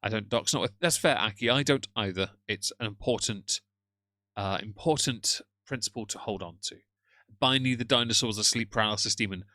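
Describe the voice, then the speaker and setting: Sardonic man, bright dry voice. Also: fairly low pitch, fairly quick, no echo. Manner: sardonic, mocking, chatty asides to viewers. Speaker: livestream host. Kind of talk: casual live-stream commentary. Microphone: headphones on, moderating chat from a phone.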